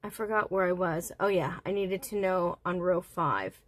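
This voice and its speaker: A woman hosting a casual crochet livestream, counting stitches softly under her breath and chatting with viewers. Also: lowish voice, moderate pace, dry recording. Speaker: livestream host.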